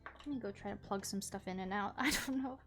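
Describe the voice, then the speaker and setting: A woman's voice: mid-range voice, a little fast, fairly bright tone, faint music behind. A woman streaming live, chatting casually with viewers while fixing tech trouble.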